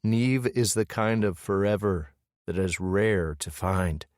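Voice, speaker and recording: A man reads a romance audiobook in the first person, slow and measured. His voice is low and intimate. It is recorded close and dry. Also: darkish tone, no echo. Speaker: audiobook narrator.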